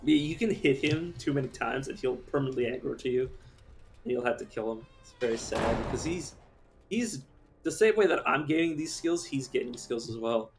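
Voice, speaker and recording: A man's voice: mid-range voice, animated, a little fast, music in the background. Chatty man streaming a game. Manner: chatty, rambling, swears casually. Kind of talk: casual gameplay commentary.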